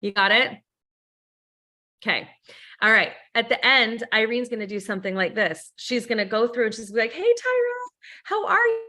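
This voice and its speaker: A woman's voice: fairly high pitch, steady tone, a little fast, pauses often, sharp tone. A woman leading a sales training over a video call, upbeat and coaching, often acting out sample phone calls. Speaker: team leader and trainer.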